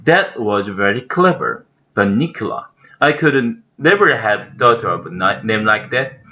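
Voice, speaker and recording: A man with a Korean accent voicing a gentle father in a storybook reading. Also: lowish voice, very animated, a little slow, highs cut off.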